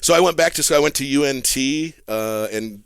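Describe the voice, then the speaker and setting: A man's voice: mid-range voice, brisk, creaky, clear, resonant tone, no echo. Guy in his 40s, laughs a lot mid story, dry close mic, regular mid voice. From Texas. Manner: animated storyteller, laughs while telling. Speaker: guest, therapist. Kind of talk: casual podcast chat.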